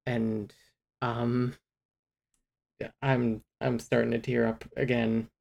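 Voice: mid-range voice, level tone, takes it slowly, vocal fry, darkish tone, dull audio. A podcast co-host recapping a novel in casual, rambling chat full of fillers and restarts. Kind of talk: casual book discussion.

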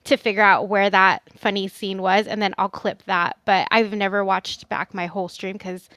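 Female podcast guest, mid-pitched, easygoing and giggly, dry close recording. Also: flat delivery, moderate pace, fairly bright tone, dry recording. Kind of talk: casual chat.

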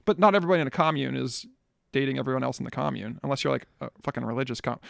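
A man's voice: mid-range voice, very fast, vocal fry, fairly bright tone. A man co-hosting a podcast in casual chat, wry and rambling, with lots of "like" fillers. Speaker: podcast co-host.

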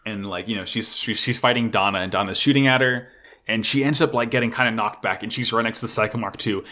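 A man excitedly recapping an anime episode in casual chat, swearing often and gushing like a fan. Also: lowish voice, fast talker.

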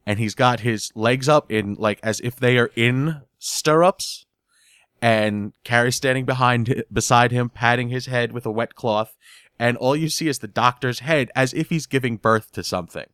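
A man talks through a sitcom episode he loves, giggling as he tells it and often stumbling over repeated words. His voice sits at an ordinary middle pitch. The recording is dry and close, with no room sound around him. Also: moderate pace, clean tone, no echo. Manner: animated storytelling, giggles often, repeats words while he searches for them. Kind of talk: casual episode recap.

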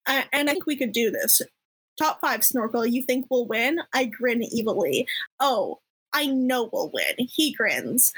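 A young woman co-hosting a comedy podcast, reading fan fiction aloud in a halting, giggly way. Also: on the high side, lively intonation, fairly bright tone, slightly rough, dry recording, rough recording. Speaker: podcast co-host.

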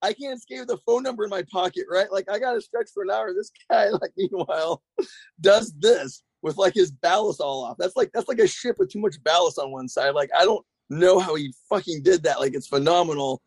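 A man's voice: high-pitched, animated, a little fast, darkish tone, husky, no room sound. A man telling rambling, profane stories as a guest in a casual chat. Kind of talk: casual storytelling.

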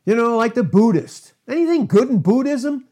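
A man preaching a sermon, emphatic and repetitive, quoting scripture with drawn-out stress and laughing between points. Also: extremely high pitch, animated, mellow.

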